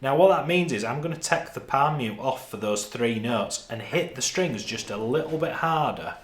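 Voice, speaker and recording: With a Northern English accent and a mid-range voice, a man gives a guitar lesson, talking through the parts as he plays and counting the beats aloud. He sounds animated and keeps a moderate pace, and the sound is roomy.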